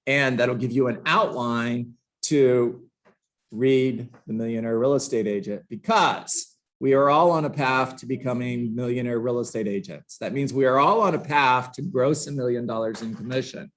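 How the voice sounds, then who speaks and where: A man's voice: mid-range voice, moderate pace, a bit bright. A man teaching a live book-study lesson to a room of agents, passionate and emphatic, with sarcastic asides. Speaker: real estate trainer.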